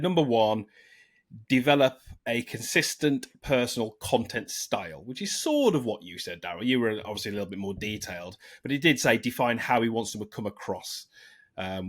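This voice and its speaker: Man, podcast co-host, mid-pitched voice, reads points aloud and comments, casual. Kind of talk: casual chat.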